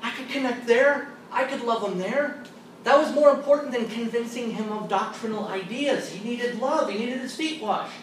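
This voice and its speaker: A Catholic theologian with a very high-pitched voice tells stories to a college audience in a large hall, speaking at a moderate pace in an animated, humorous way and acting out the people he quotes. He is miked from afar in an echoey room with background noise.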